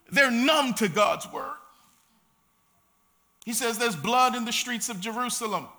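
A male pastor preaching a sermon, speaking with passion and sometimes building to shouts. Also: high-pitched.

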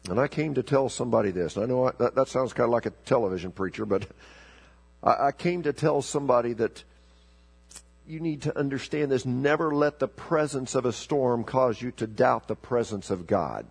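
A man preaching a sermon, telling a story with sharp emphatic rises and slowing to a low, deliberate voice for scripture. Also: gravelly, husky. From South America. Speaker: pastor.

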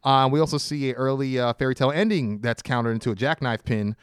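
A man's voice: medium pitch, fast talker, clean tone, no room sound, studio quality. A man co-hosting a casual podcast, giving a detailed play-by-play recap with frequent filler words. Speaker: podcast co-host. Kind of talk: casual wrestling podcast chat.

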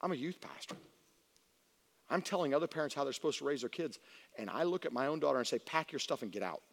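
A middle-aged man preaching as a youth pastor, telling a personal story that swings from hushed to shouting. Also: on the high side, fast talker, vocal fry. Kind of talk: sermon. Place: large church hall. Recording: long hall reverb.

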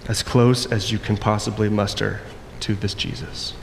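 A man preaching a sermon, acting out the quoted voices and moving between loud and soft passages. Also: lowish voice, level tone, normal speed, gravelly. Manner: acts out quoted voices, varies loudness widely. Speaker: pastor. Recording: long echo in a hall, faint noise.

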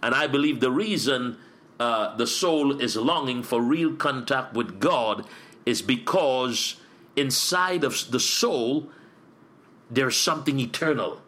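A middle-aged man speaking as a pastor in an interview. He builds his points through earnest repetition, with the steady rhythm of a preacher. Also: medium pitch, slow pace.

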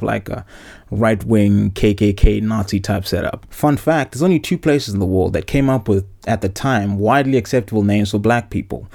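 A man's voice: on the low side, creaky, warm tone. A Zimbabwean man in his thirties hosting a podcast, telling profane, joking stories in a casual ranting monologue from inside a clothes-filled wardrobe. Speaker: podcast host.

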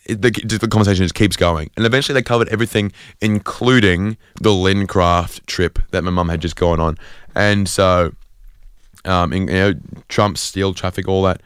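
A man's voice: low-pitched, fairly even intonation, moderate pace, a bit bright, clean tone, no echo, clean studio sound. An Australian man hosting a community radio show, rambling through a self-deprecating comic monologue with lots of fillers and restarts. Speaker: radio host.

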